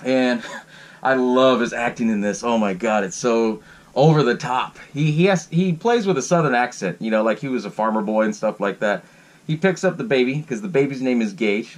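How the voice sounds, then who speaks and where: A man's voice: medium pitch, brisk. A man hosting his own podcast, giving a casual, rambling recap of a horror film, swearing freely and laughing between sentences. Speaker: podcast host. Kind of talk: casual solo movie recap.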